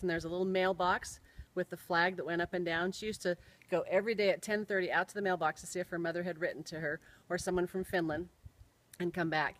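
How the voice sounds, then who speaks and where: A woman's voice: lowish voice, fairly bright tone, rough recording. Middle-aged woman telling a family story. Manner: spells out words and sounds carefully. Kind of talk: personal storytelling.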